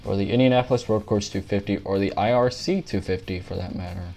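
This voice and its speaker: A man's voice: low voice, a little fast, darkish tone, faint music behind. A young man commentating a pretend race, out of breath and tired, rambling and tripping over names.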